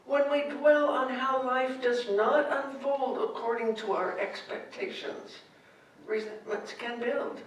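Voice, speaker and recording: Gentle woman preacher, unhurried with a gravelly edge, recorded from afar in a reverberant sanctuary. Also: sits high. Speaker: spiritual director. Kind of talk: sermon. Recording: echoey hall from far off.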